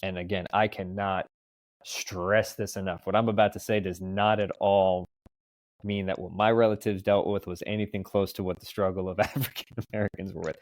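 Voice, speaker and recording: A man in his thirties, a podcast guest, talking in a discursive, animated way in a relaxed interview. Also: lowish voice, no echo. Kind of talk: casual conversational interview.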